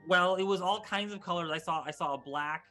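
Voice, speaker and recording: A jittery young street boy, as a man puts him on, pitched well above the actor's own voice and tripping over every answer. The voice is bright and a touch forceful, with quiet music underneath. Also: fairly quick. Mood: nervous. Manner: stammering, flustered.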